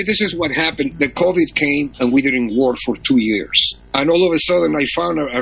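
A man's voice: sits high, gravelly, pushed and bright, slightly rough, poor audio. A man in his seventies, a veteran musician, telling stories as a chatty raconteur in an interview. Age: 70s. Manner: storytelling raconteur. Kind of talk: casual interview chat.

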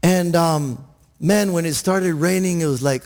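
A man's voice: fairly high pitch, a little slow, darkish tone. A man preaching a sermon in church, earnest, often restarting his words and asking "Amen?". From Texas, USA. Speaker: pastor.

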